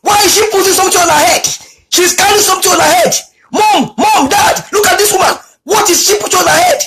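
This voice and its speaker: A man voicing his young son, a boy with an American accent who complains and exclaims in a high, whiny voice. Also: quick pace, very noisy. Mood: astonished.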